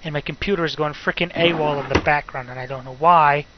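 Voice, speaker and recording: A man's voice: fairly high pitch, steady tone, fast, muffled recording, slight background noise. A young man doing let's play commentary, ranting and muttering to himself in frustration as he swears at the game.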